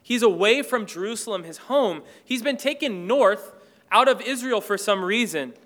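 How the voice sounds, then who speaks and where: A man preaching a sermon, earnest, rising loud when he reads scripture and dropping low and soft when he reflects. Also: animated, normal speed.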